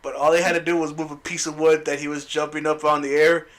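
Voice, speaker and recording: A man's voice: a little high, level tone, fast talker, a bit bright. Man, podcast co-host, raised voice, profane, laughing, casual chat. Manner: profane, laughing, acts out movie lines.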